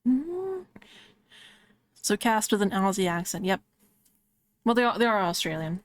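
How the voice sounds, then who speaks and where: A woman's voice: medium pitch, very animated, a little slow, no room sound, studio quality. A woman streamer chatting casually while she draws, rambling with lots of "like" fillers. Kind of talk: casual chat while drawing on a live stream.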